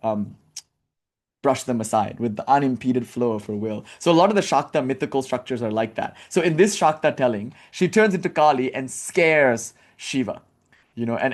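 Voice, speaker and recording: A man giving a casual storytelling lecture, chatty, with frequent fillers and asides. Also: mid-range voice.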